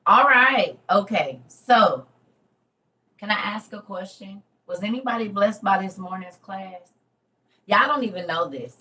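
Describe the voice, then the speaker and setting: A woman hosts a casual ministry livestream, chatting with viewers she calls "y'all." Her medium-pitched voice moves slowly, swinging from loud bursts to murmured asides.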